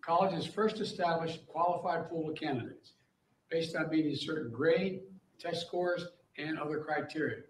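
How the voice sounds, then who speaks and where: A man speaking in a measured, explanatory way in a played clip. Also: fairly high pitch, a little hiss or hum. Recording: roomy clip.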